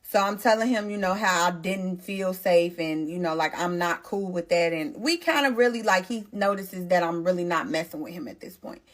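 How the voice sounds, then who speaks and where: A young woman tells her story straight to camera in a casual, chatty way. She is blunt and animated, and she swears and uses slang freely. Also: fairly low pitch, moderate pace, few pauses. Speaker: storytime vlogger.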